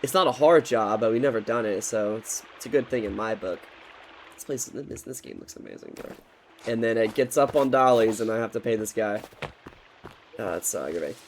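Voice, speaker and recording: A young man in his twenties, with a lowish voice and a slightly fast pace, rants while playing a game. Frustrated and swearing often, he tells his story loosely with restarts, and slight background noise is present.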